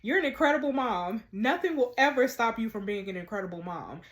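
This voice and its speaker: A woman voicing a reassuring, caring woman friend, reading game dialogue aloud in a soft, low, subdued way. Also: lively intonation, a little fast, lightly acted.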